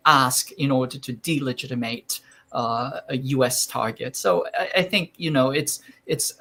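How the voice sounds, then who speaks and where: A man giving sardonic, measured political commentary as a panel guest, with frequent fillers. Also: medium pitch, bright, forceful tone.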